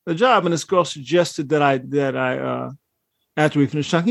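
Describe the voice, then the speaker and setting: A man in casual conversation, telling stories in a heated, animated way with plenty of swearing. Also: fairly high pitch, fairly quick, gravelly, dry recording, studio quality. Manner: animated, profane, heated storytelling. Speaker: podcast co-host. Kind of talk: casual chat.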